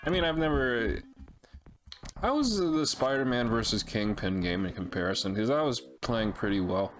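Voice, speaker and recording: A man streaming a retro game, chatting casually with viewers, swearing freely and reacting out loud. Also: mid-range voice, animated, normal speed, a little hiss or hum. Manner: loose, profane, reads chat aloud. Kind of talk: casual live-stream chat.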